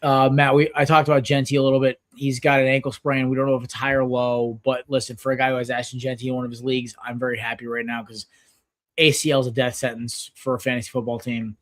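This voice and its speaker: Male podcast host, thirties, casual rambling sports talk, mid-pitched. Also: quick pace. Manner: rambling, filler-heavy, excitable.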